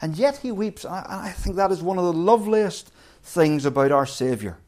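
A man preaching a sermon as pastor, earnest, dropping to hushed quotes and rising to emphatic peaks. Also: high-pitched, expressive, moderate pace.

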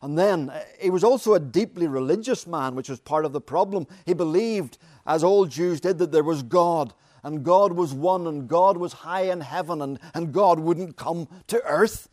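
Male preacher, sermon, emphatic repetition, dramatic pauses, slightly high voice, dry close sound. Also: a little mellow, no echo.

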